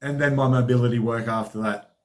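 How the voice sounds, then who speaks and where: A man's voice: mid-range voice, steady tone, fairly quick, darkish tone. A man hosting his own training diary vlog as a personal trainer, talking in a chatty, informal, upbeat way.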